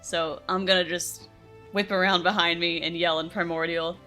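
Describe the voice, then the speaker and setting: A woman's voice: on the low side, flat delivery, moderate pace, bright, forceful tone, faint music behind. A woman talking playfully as a player at a tabletop game. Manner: playful, laughing. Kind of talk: casual chat at a game table.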